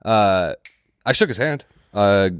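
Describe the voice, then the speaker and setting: A man's voice: lowish voice, slow, smooth, no room sound. A young man co-hosting a podcast, telling a story in casual chat, swearing and acting out the people he quotes. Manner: animated, swears a lot, acts out quotes. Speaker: comedian podcast co-host.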